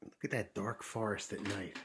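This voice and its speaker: A man reading a children's picture book aloud in a gentle storytime manner, pausing to explain things to young listeners. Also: on the low side, steady tone, background noise.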